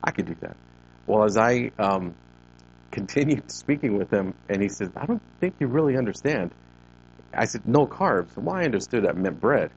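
A man's voice: on the low side, animated, moderate pace, dull audio. Man in his fifties telling his story. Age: 50s. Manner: conversational storytelling, acting out quoted exchanges. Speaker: ministry leader giving a talk. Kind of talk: personal testimony talk to a group. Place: CrossFit gym.

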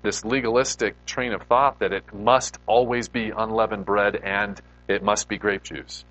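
A male pastor voicing a female missionary, quoting her plainly and earnestly in his own low voice. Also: level tone, unhurried, a bit bright, low-quality recording.

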